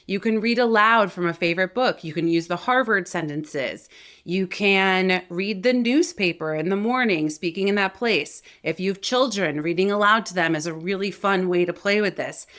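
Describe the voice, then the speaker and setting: An energetic woman coaches listeners through vocal exercises, her voice sitting in a middle pitch. She talks with lively emphasis and shifts her loudness from full to soft to demonstrate projection. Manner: energetic, demonstrative, varies loudness to show technique. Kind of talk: instructional video lesson.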